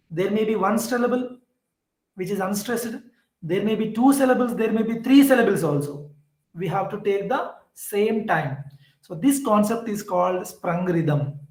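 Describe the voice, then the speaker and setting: Slow Indian English teacher in echoey room. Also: male voice, high-pitched. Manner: slow, repetitive explaining with fillers. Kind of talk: classroom lecture on poetry.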